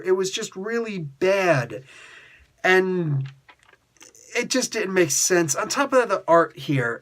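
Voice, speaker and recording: A man casually reviewing a comic book, ranting in an exasperated way and filling his talk with "like" and "you know". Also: sits high. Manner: animated, exasperated ranting with mock outbursts; heavy use of filler "like" and "you know".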